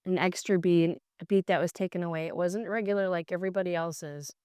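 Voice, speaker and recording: A woman's voice: on the low side, fairly even intonation, a little fast, warm tone, clear, resonant tone, dry recording, clean studio sound. A middle-aged woman co-hosting with her husband, talking in an earnest, emotional way. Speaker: co-host, host's wife. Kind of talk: casual video chat.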